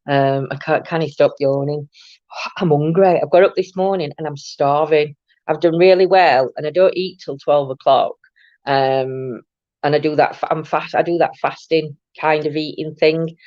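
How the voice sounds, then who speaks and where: A woman's voice: low-pitched, steady tone, normal speed, darkish tone, dry recording, muffled recording. A woman hosting a casual live morning chat from her home, rambling on and greeting viewers by name. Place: at home, indoors.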